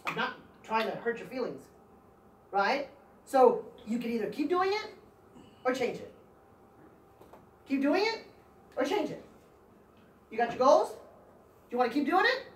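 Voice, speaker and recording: A high, lively-voiced woman leads a motivational training session, bouncing through teasing questions and quick laughs. She swings widely in pitch as she works the room. She is caught from a distance in an echoey meeting room. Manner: animated, playful, teasing, laughs often, call-and-response with audience. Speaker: sales team trainer.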